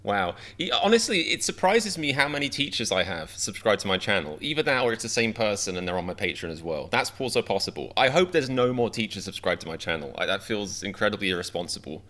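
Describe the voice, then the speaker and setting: A man's voice: lowish voice, animated, quick pace, few pauses, sharp tone. Wry man greeting a livestream chat. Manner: wry, self-deprecating, greeting viewers by name. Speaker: livestream host reacting to chat.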